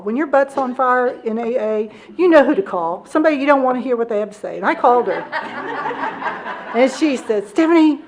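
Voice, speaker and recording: A woman in her thirties tells her own story to a recovery meeting in an open, unguarded way. Her voice sits a little high, and she laughs easily at herself as she talks. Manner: candid, self-deprecating, laughs often. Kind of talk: personal testimony storytelling.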